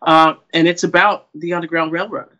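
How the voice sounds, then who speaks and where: A man who is a singer, recounting a story in a relaxed, meandering way during casual chat. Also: a little high, brisk, dull audio.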